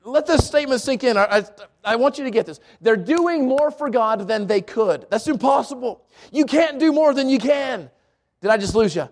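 A man preaching an earnest sermon as a pastor, often restarting and repeating words, rising to emphatic peaks. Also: very high-pitched.

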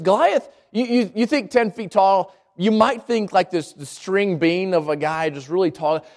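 A male preacher delivers a sermon, telling the story in a lively way with rhetorical questions and frequent restarts. His voice is strikingly high for a man. It rises and falls with great animation.

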